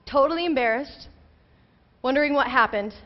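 A woman in her thirties preaches from a church stage, her voice a little higher than most. She tells a personal story in a chatty, conversational way, then rises into urgent questions. The sound is slightly dull and muffled. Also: normal speed. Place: church sanctuary.

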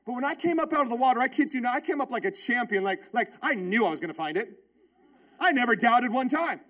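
With a very high-pitched voice and a quick delivery, a pastor in his thirties builds his sermon around a story from his own life. He is animated and emphatic, circling back to repeated phrases.

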